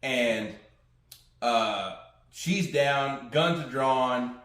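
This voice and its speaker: Retelling a TV episode on a laid-back podcast he co-hosts, this man draws out his words in a fairly bright, medium-pitched voice. He quotes the characters loosely, and the room echoes noticeably.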